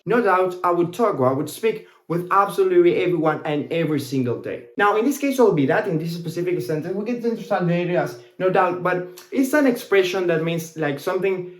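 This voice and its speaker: A man with an Argentine Spanish accent teaching a casual language lesson, explaining slowly and repeating phrases. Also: high voice, roomy sound.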